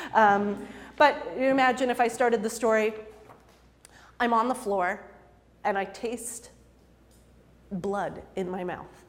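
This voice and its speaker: A woman in her twenties telling a personal story to an audience, chatty and self-deprecating, laughing often between many fillers. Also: mid-range voice. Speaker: storyteller and improv performer. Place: lecture hall. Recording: long hall reverb.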